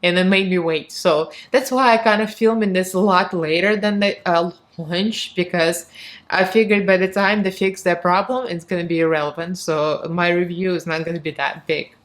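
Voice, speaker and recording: A woman's voice: fairly low pitch, fairly even intonation, moderate pace. A woman with a Russian accent talks straight to camera as a beauty vlogger, candid and chatty. She laughs easily and slips into acting out little conversations as she tells a story. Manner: chatty and candid, laughs often, acts out what people said. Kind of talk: casual chat to camera.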